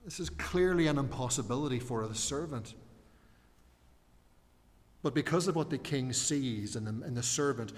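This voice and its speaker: A man's voice: mid-range voice, moderate pace, long pauses. Earnest male preacher in a reverberant hall. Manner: earnest, explanatory, asks the listeners questions. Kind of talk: sermon.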